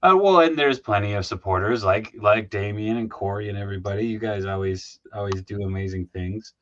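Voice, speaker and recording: A man hosting a live stream, chatting casually and animatedly with guests and shouting out viewers. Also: on the low side, brisk, a little hiss or hum. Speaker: stream host. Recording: slightly dull lo-fi stream audio.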